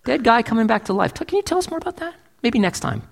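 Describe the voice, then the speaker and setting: A man's voice: very high-pitched, big pitch swings, fast, gravelly, pitched above the performer's own voice, exaggerated voice. A man voicing a flippant listener who breezily brushes off a preacher, in a mocking, offhand tone.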